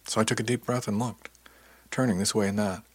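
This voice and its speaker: Deep, husky male narrator. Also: steady tone, fairly quick, no room sound. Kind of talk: audiobook narration.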